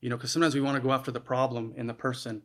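A man's voice: mid-range voice, flat delivery, rapid-fire. Earnest, conversational male preacher. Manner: conversational and earnest, with frequent restarts. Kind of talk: sermon.

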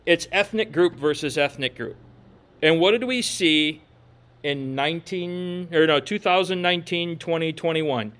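Male pastor, higher-pitched, sermon delivery with scripture reading. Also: a bit bright. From Minnesota. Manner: preaching with scripture readings and asides.

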